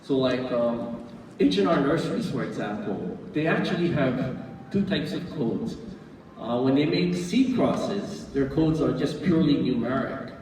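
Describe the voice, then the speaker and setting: Slow easygoing guy explaining stuff, mellow voice, echoey hall from far off. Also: animated. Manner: unhurried, explanatory, with fillers and self-corrections. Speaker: orchid society speaker. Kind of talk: club presentation. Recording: roomy hall, distant mic, faint rumble.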